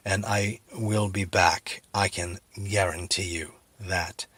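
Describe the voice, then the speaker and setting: A middle-aged man telling a rambling comic story full of fillers, with a husky voice. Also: low-pitched, takes it slowly, dry recording. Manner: rambling, filler-heavy, deadpan, then sincere. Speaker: comedic video host.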